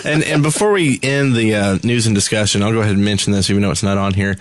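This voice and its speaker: A man's voice: fairly low pitch, fast, no echo. A man co-hosting a gaming podcast, easygoing and hesitant. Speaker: podcast co-host. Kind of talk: casual gaming podcast chat.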